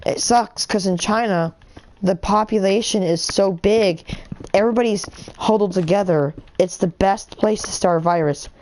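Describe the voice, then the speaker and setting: A woman's voice: mid-range voice, moderate pace, a little mellow, a little hiss or hum. A woman streaming a game live, ranting in a heated, indignant way with lots of fillers and restarts. She is from the United States. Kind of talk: rambling live-stream rant while gaming.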